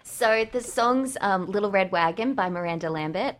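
A woman in a relaxed interview, talking eagerly about her dance group. She fills her sentences with casual fillers, and her voice sits at an ordinary middle pitch. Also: moderate pace, a loud crowd. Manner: enthusiastic and chatty, many fillers like "like" and "um". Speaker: tap dance troupe leader, guest.

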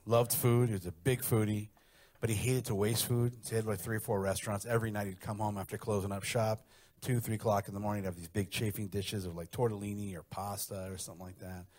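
Brash middle-aged guy doing a stand-up set, profane, low voice. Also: quick pace. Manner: brash, profane, animated storytelling. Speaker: stand-up comedian.

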